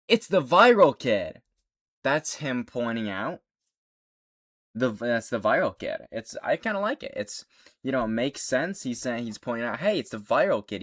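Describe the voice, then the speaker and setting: A man giving casual commentary on a video, rambling and correcting himself with a wry edge. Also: mid-range voice. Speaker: video creator.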